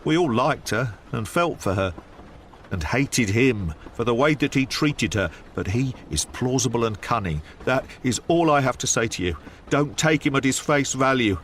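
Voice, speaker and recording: A man's voice: medium pitch, lively intonation, normal speed, a bit bright, a little hiss or hum, close to an everyday voice. A man reading an audiobook, voicing a thin, nervous male estate manager who shoots out short, breathless sentences. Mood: agitated.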